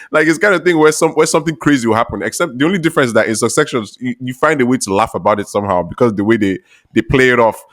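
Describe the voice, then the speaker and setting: A man co-hosting a podcast, chatting casually about a TV show, laughing often and getting excited. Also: medium pitch, quick pace, no echo, studio quality. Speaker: podcast co-host.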